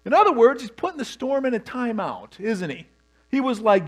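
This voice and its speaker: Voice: mid-range voice, sing-song, normal speed. A pastor preaching a sermon, telling the story with humor and animation.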